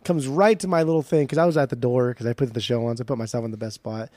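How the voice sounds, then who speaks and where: A man co-hosting a podcast, telling a swearing, animated story in casual chat. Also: mid-range voice, very fast, no room sound. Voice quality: profane, animated storytelling with quoted dialogue. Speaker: podcast co-host and record show organizer.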